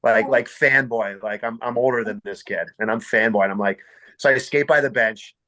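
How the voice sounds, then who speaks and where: A man's voice: mid-range voice, moderate pace. A young man on a podcast, telling rink stories in a casual, swearing, bantering way. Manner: storytelling, swearing, lively and bantering. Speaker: podcast host. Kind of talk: casual chat.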